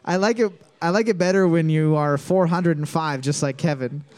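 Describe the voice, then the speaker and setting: A woman's voice: deep voice, normal speed, a little mellow. A woman hosting a casual trivia night, reading each question twice and trading crude, teasing banter with a co-host.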